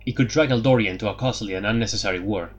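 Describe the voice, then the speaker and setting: A man narrating a fantasy audiobook in a steady, even reading. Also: fairly low pitch, racing, breathy edge.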